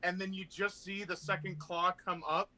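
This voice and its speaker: Bright-voiced man gleefully playing a tabletop game. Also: high-pitched, moderate pace. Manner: animated, gleeful, describes attacks vividly. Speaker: player.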